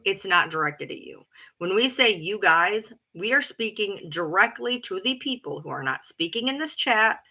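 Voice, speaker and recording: A woman talking in a casual rant to her followers, blunt and profane, repeating herself for emphasis and calling herself loud. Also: medium pitch. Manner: loud, self-described alpha female. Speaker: live streamer. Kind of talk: casual ranting chat.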